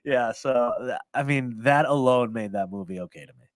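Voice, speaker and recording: A man's voice: medium pitch, normal speed, no echo. A young man hosting a casual chat, rambling and repeating words. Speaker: podcast host.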